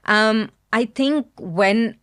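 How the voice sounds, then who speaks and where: A woman's voice: a little high, extremely slow, fairly bright tone, smooth. A young woman speaking as a podcast guest, talking frankly and hesitantly, with fillers and restarts. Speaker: podcast guest, brand founder. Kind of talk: candid interview conversation.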